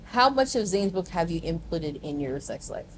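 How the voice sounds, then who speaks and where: A woman hosting a podcast in casual chat, chatty and quick to agree and laugh. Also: lowish voice, sing-song, a little hiss or hum. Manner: chatty, affirms often, laughs readily. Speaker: podcast host.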